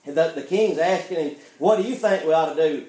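High-voiced preacher in an echoey church. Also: male voice, brisk, warm tone. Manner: preaching with call-and-response, repeats "friend" and "why?". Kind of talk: fiery sermon. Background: congregation calling amen.

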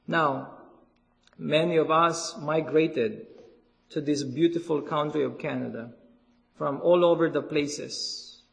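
Male preacher, slow and deliberate, repeats words for emphasis; sermon in a church hall. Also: fairly high pitch, creaky. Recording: long hall reverb.

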